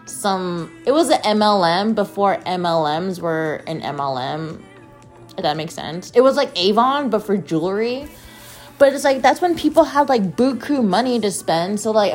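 A woman in her twenties from the American Southwest, hosting a solo podcast and telling stories in an animated, chatty way, full of "like" and restarts. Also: medium pitch. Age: 20s. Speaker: podcast host. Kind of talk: casual solo podcast monologue.

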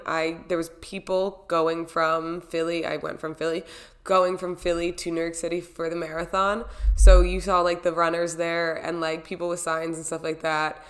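A young woman casually recapping her own experience as a vlogger, chatty and rambling, acting out her own reactions as she tells it. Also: on the low side.

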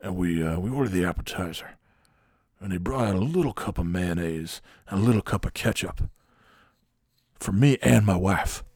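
Man spinning a profane, exasperated workplace story; gravelly low voice, dry sound. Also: animated, moderate pace, darkish tone, no echo. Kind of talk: casual comic anecdote.

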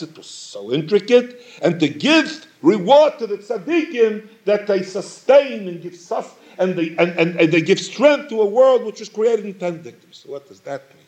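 Male Torah teacher, lively emphatic delivery, slightly higher voice, questioning tone. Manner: questioning, emphatic, repeats phrases for stress. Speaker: rabbi teaching Talmud. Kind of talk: Torah lecture.

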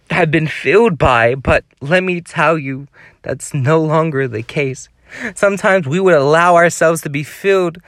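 A man's voice: on the high side, fairly bright tone, no room sound. A man delivers a devotional sermon in a slightly raised voice, earnest and pleading as he urges his listeners. The recording is dry and close, with no room sound around him. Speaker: preacher.

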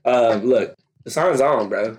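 Young man, stream co-host, casual chat, excitable, joking, middle pitch. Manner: excitable, joking, quick to laugh. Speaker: podcast co-host.

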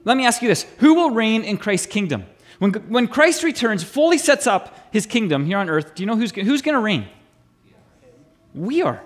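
Pastor, male, high animated voice; chatty sermon delivery that quizzes the room. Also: moderate pace. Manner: chatty, asks the congregation questions, repeats words. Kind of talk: conversational sermon.

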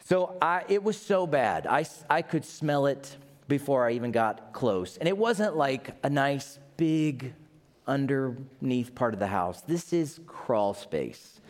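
A middle-aged man, preaching a sermon as pastor, telling stories and acting out quotes with big jumps in pitch. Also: measured pace. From Tennessee, USA. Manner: lively storyteller, acts out quotes, jumps in pitch.

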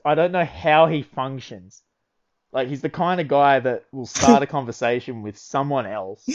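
A young man, telling rambling work stories in casual chat. He swears constantly and laughs through his own anecdotes. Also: mid-range voice. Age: early 20s. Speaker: podcast co-host. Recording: lo-fi dull audio.

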